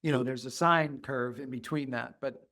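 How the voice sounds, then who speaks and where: A middle-aged man, a pediatrician guest, talking earnestly in an interview and softly acting out how he soothes children. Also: medium pitch, steady tone, normal speed. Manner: earnest, acts out soft soothing asides to children. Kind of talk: conversational interview.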